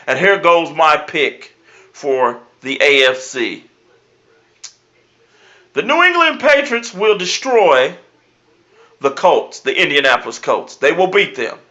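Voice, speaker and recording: A man's voice: a little high, wildly swooping pitch, takes it slowly, pauses often, pushed and bright. A man hosting his own sports commentary vlog, making brash, emphatic predictions and repeating his catchphrases. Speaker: sports show host. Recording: dull lo-fi recording.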